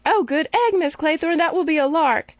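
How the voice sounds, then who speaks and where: A whiny, pestering little boy, as a woman reader puts him on, his voice jumping up high and eager. The reading is dry and close, with a slightly dull, muffled sound. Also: normal speed, no echo, close to an everyday voice. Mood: pleading. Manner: high pleading childish whine.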